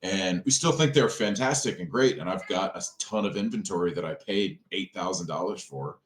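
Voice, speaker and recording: A man with a very low voice tells business stories in a relaxed podcast chat. He is animated and acts out the people he quotes. The room around him is echoey. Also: moderate pace, slight background noise. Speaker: restaurant owner, podcast guest. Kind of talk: casual storytelling conversation.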